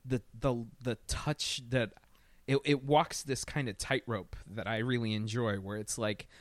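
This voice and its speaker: Male film podcaster, mid-pitched, rambling and profane, laughs a lot, with a dry close sound. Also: steady tone, measured pace, no echo. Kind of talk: casual film discussion.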